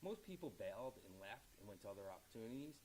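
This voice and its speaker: A man's voice: on the low side, fast, a little hiss or hum, poor audio. Candid, rambling man at a press conference. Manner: candid, rambling, animated storytelling with many fillers. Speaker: county executive.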